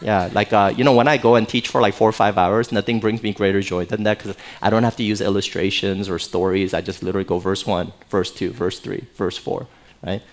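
Pastor man preaching, conversational and animated. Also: on the low side, brisk. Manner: conversational, animated, jokes with the congregation, frequent "right?". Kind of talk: sermon. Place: church sanctuary.

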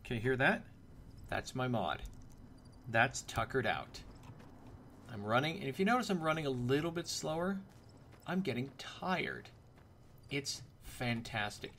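Chatty gravelly-voiced man narrating gameplay. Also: medium pitch, big pitch swings, unhurried, pauses often, fairly bright tone, a little hiss or hum. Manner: chatty, joking asides. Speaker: gameplay commentator. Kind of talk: casual let's-play commentary.

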